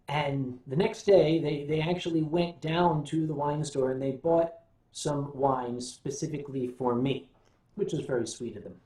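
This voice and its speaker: An older American man hosts a relaxed livestream where he tells wry, rambling stories, hums between thoughts and answers viewers. His voice is fairly high, steady and warm, a little slow, and the room gives it a noticeable echo.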